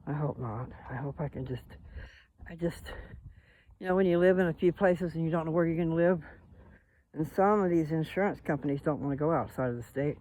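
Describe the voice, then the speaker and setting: A man's voice: fairly high pitch, a little fast, darkish tone. A man rambling to his viewers as he walks outdoors along a path, recording on a handheld phone. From Colorado. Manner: rambling, talks to viewers while walking. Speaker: vlogger. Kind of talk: casual walking vlog.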